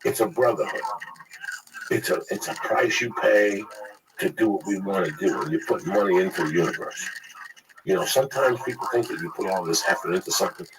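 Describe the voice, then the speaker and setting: A man's voice: on the low side, big pitch swings, brisk, distant mic. A man in casual profane chat, telling blunt stories with acted quotes about hustling. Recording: noisy recording.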